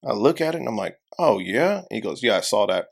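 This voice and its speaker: A low-voiced young man tells a story in a relaxed podcast chat. He acts out each person he quotes and swears freely as he goes. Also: rapid-fire, gravelly. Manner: animated storyteller, acts out quotes, heavy profanity. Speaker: podcast co-host.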